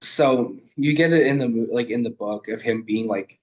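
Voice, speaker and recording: A man's voice: mid-range voice, normal speed, hardly any pauses, poor audio. A young man and student giving a casual, rambling literary video essay over a video call, with lots of fillers and swearing.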